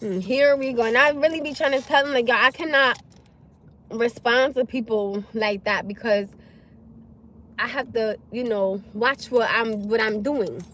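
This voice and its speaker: Woman live-streaming outdoors, high voice, animated and exasperated storytelling, frequent laughs, faint traffic noise behind. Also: measured pace. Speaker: livestream host. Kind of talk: casual storytelling rant.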